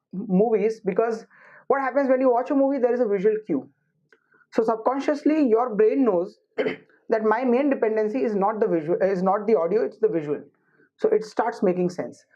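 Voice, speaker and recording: A woman teaching IELTS listening, explaining slowly and restating her points. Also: mid-range voice. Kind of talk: recorded classroom lesson. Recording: muffled lo-fi recording.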